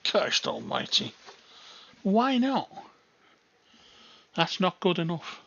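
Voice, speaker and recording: A man's voice: sits high, sing-song, takes it slowly, gravelly, a bit bright, highs cut off, slight background noise. A man hosting a live stream, chatting casually, laughing and swearing with his callers. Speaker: livestream host.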